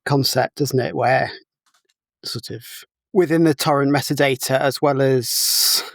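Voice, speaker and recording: A man's voice: medium pitch, steady tone, measured pace, vocal fry, no echo. A man taking part as a guest in a casual podcast chat over a video call, explaining things step by step with many fillers. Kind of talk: casual technical discussion. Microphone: remote video call.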